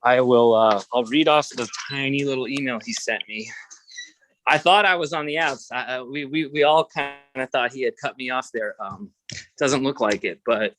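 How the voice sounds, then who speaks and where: A man hosting a relaxed chat, telling stories in an animated, rambling way and swearing casually. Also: mid-range voice, slight background noise, poor audio. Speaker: host.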